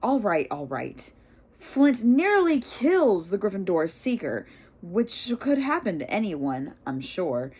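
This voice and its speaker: A woman's voice: mid-range voice, sing-song, darkish tone, husky, heavily acted. A woman voicing a cheeky teenage boy calling a school sports match play by play. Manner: rapid play-by-play, cheeky asides.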